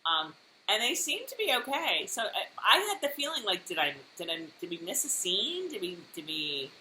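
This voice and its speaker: Animated woman recapping TV, roomy sound. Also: medium pitch, normal speed. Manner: animated, laughing, acts out lines. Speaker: podcast co-host. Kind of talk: casual recap chat. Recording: roomy echo, faint noise.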